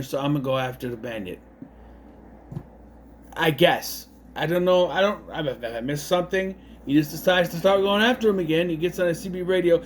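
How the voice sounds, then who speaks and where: Guy rambling through a movie review, voice bouncing all over, kinda high, keeps going "i don't know". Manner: rambling, puzzled asides, mocking impressions. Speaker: film reviewer. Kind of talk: casual spoken film review.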